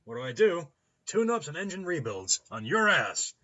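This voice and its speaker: A man doing Ambrose, a loud hungover Midwestern cyber-doctor. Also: on the high side, big pitch swings, moderate pace, highs cut off, pitched above the performer's own voice, exaggerated voice. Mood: boisterous. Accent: loose Midwestern American. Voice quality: shouty, boisterous, jokey.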